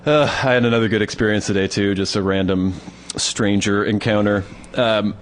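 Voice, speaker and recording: Wry low-voiced man telling stories. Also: fairly even intonation, normal speed, a little hiss or hum. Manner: wry, rambling storyteller. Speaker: podcast co-host. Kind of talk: casual comedic chat.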